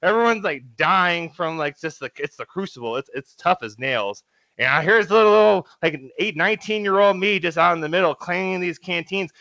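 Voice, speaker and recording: A young man on a podcast shares casual stories at a brisk clip, his high-sitting voice bright, forceful and full of lively intonation. He laughs often and keeps restarting and using fillers. There's no echo, but the recording sounds muffled.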